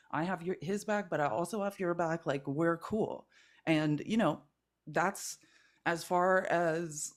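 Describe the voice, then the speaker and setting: A woman guest in a casual conversation, telling a personal story in an earnest, rambling way with many fillers. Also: lowish voice. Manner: earnest, rambling, heavy use of 'like'. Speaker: guest creator.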